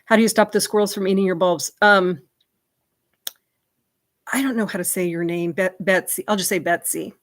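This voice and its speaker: A woman's voice: medium pitch, fairly even intonation, normal speed, pauses often. A woman hosting a livestream, chatting in a rambling way and answering viewer comments. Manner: chatty and rambling, many fillers and asides. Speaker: livestream host.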